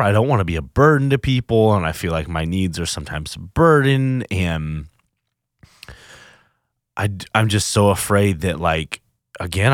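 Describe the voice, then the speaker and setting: A man hosting a personal recovery podcast, speaking in an earnest, halting, confessional way, emotional and near tears. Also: fairly low pitch, no echo, clean studio sound. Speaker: podcast host.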